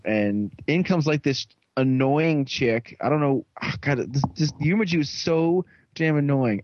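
A young man hosting a casual podcast, rambling and sarcastic as he sums up an episode and mocks the characters in quick put-on voices. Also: mid-range voice, darkish tone, no room sound, dull audio. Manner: rambling, sarcastic, mocking voices while retelling scenes. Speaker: podcast host.

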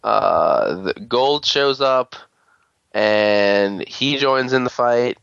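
A man's voice: mid-range voice, very slow, creaky, a bit bright, clean tone, no room sound, muffled recording. A man on a podcast recapping a show episode in a rambling, crude casual way, full of fillers and quoted lines. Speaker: podcast host.

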